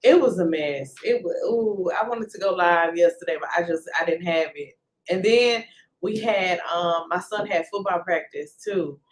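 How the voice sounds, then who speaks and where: A woman's voice: fairly low pitch, moderate pace, rough recording. A woman from Texas with a Texan accent hosting a casual livestream from home, chatting and greeting viewers by name with playful slang. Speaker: livestream host.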